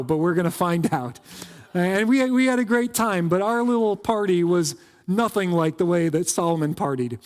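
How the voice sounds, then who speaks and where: A man preaching in a church, his voice sitting a little high and trailing off into a long reverb. He talks casually, tossing in jokes and quick asides as pastor. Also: darkish tone. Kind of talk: conversational sermon. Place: church sanctuary.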